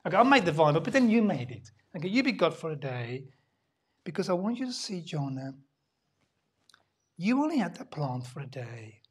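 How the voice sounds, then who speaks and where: Brief: patient pleading God figure, low and hushed, put on by a woman preacher. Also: sing-song, normal speed, husky, full character voice.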